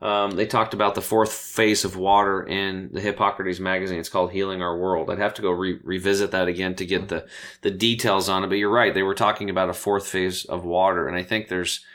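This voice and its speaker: A man, a health coach and interview guest, telling stories in a casual, animated way and acting out the voices of people he quotes. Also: deep voice, a little fast.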